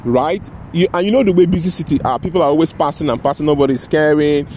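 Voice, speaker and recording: A man with a slightly higher voice tells a personal story outdoors in a city. He rambles and restarts his sentences, checking in with "you know" and "right?", while faint traffic hums behind him. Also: fast, darkish tone. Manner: restarts and self-corrections mid-sentence. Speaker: vlogger telling a personal story. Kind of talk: casual spoken storytelling.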